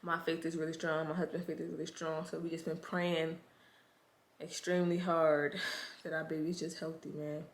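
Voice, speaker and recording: A stressed woman talks straight to camera in a casual vlog and vents to her viewers. Her voice sits a little low, and she sounds anxious and frustrated as she keeps calling them "y'all.". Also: flat delivery, moderate pace. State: stressed and overwhelmed. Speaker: pregnancy vlogger.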